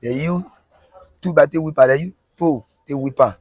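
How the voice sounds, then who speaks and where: A man with a Nigerian Pidgin accent, an eyewitness giving halting, repetitive testimony. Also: a little high, a little mellow, slightly rough, no room sound. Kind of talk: interview testimony.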